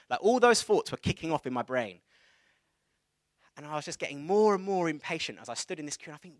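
A man in his thirties preaching a sermon, telling a personal story in a conversational, animated way. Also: a little high, fast, no echo. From England.

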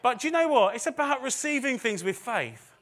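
A man's voice: extremely high pitch, sing-song, brisk, fairly bright tone. A middle-aged man preaching a sermon in a chatty way, with self-deprecating asides and phrases repeated for emphasis. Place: church service.

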